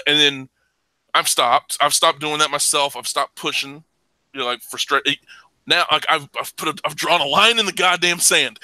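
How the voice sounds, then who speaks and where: A man with a very bright, sharp voice pitched a little high, ranting and swearing freely as he hosts a casual podcast. The sound is close and dry, with almost no room around it. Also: normal speed, no echo, poor audio. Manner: ranting, profane, laughs loudly. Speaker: podcast host. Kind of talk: casual profane chat.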